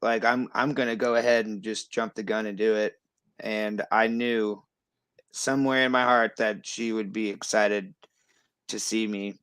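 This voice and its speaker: A man in his thirties, a guest telling his story in casual chat, animated with lots of fillers. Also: fairly low pitch, unhurried, clean tone, no room sound. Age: 30s.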